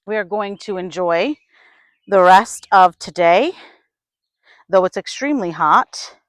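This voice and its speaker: A woman from upstate New York talking to her camera while she tends her garden, sighing, hesitant and thinking out loud. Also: medium pitch, animated, takes it slowly, no echo. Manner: sighing, hesitant, talks to herself while working. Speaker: gardening vlogger. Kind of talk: casual vlog narration. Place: outdoor garden.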